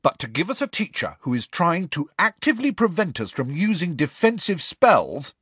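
Reader doing a self-important schoolboy, grandly declaiming, husky and dry. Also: male voice, on the high side, sing-song, moderate pace, fairly bright tone, dry recording, pitched above the performer's own voice, exaggerated voice. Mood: pompous. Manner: pompous, declaiming.

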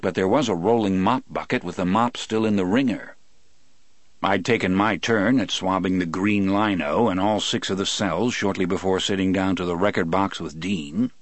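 A man narrating an audiobook in a measured, reflective storytelling manner. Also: deep voice, dry recording.

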